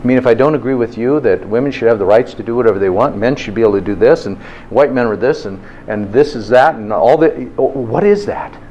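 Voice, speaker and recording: A man's voice: mid-range voice, fast, muffled recording, a little hiss or hum. A man hosting a motivational health talk, telling stories and firing rhetorical questions at his listeners. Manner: lively storyteller with rhetorical questions.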